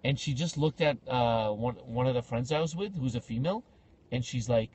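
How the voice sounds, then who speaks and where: A man hosting a podcast, casually telling animated stories and acting out the people in them. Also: medium pitch, brisk, husky. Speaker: podcast host. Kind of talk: casual storytelling chat.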